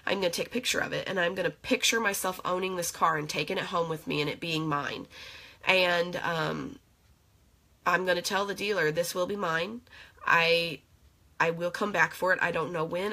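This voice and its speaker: Young woman rambling in her home vlog, bright voice, emotional n chatty, lots of likes and ums. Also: lowish voice, a little fast. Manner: emotional, chatty, full of fillers. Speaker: vlogger. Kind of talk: casual reflective vlog.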